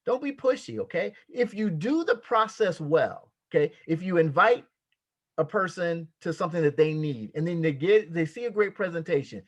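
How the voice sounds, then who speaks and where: A man's voice: on the high side, lively intonation, moderate pace. A man giving a motivational sales training talk, emphatic and repetitive, with a preacher-like cadence. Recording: dull lo-fi sound.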